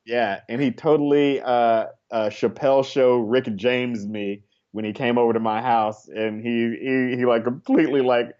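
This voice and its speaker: A man's voice: medium pitch, fairly even intonation, normal speed, few pauses, darkish tone. Slangy male comedian, slightly dull sound. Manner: loose, rambling, slangy, with playful impressions. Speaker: comedian guest. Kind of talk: casual comedy interview.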